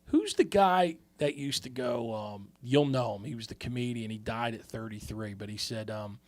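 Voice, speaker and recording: A man's voice: mid-range voice, normal speed, a little mellow, no room sound. A man co-hosting a podcast, telling long rambling stories in casual chat and swearing freely. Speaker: podcast co-host.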